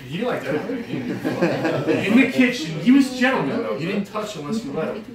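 A man's voice: high voice, sing-song, fairly quick. Guy cussing and cracking up telling dog stories, far from the mic, people around. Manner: profane, laughing, rambling. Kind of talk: casual storytelling tribute. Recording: very echoey, off-mic, crowd behind.

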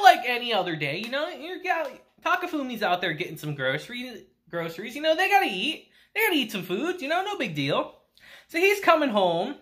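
Laughing, animated woman recapping anime. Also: fairly high pitch. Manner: laughs often, slangy and profane. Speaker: anime reviewer. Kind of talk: casual episode recap.

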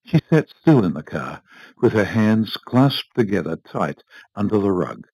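A man narrating a short story aloud in a measured, expressive reading. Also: fairly low pitch, gravelly, dry recording, low-quality recording. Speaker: reader. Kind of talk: audiobook narration.

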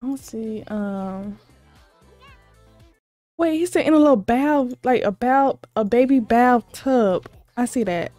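A woman with a fairly high voice gushes through a reaction video, squealing exclamations and saying the same thing again and again. She sounds a little sleepy because it is late at night. The sound is dry and close, with faint music underneath. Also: slow, dark tone, no room sound. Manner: gushing, squealing exclamations, repeats herself. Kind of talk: excited casual reaction commentary.

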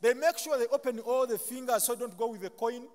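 A man's voice: very high-pitched, fairly quick. Ugandan man preaching in a reverberant chapel. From Buganda, Uganda. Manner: call-and-response, leaves sentences open for the congregation to finish; humorous asides with self-deprecating jokes. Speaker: pastor. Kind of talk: sermon.

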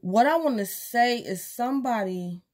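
A woman's voice: fairly high pitch, expressive, normal speed, a little mellow. Woman casually giving a tarot reading. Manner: speaks directly to the viewer, acts out imagined quotes. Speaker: tarot reader.

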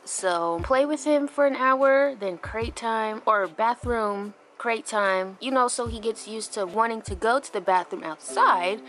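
A young woman vlogging casually to her viewers, chatty and informal, just woken up. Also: fairly bright tone. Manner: chatty, switches to high baby talk for her puppy. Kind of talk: casual vlog chat.

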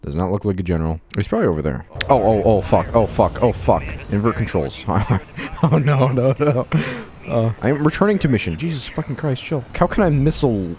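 A man's voice: medium pitch, very animated, a little fast, a little mellow. A young man giving casual, sweary, self-deprecating commentary while playing a video game, rambling and laughing at his own jokes. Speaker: gaming YouTuber.

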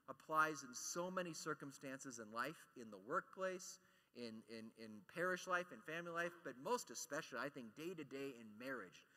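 A man giving a conference talk, animated and joking, acting out quotes as he teaches. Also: a little high, moderate pace, long reverb tail. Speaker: speaker at a Catholic conference.

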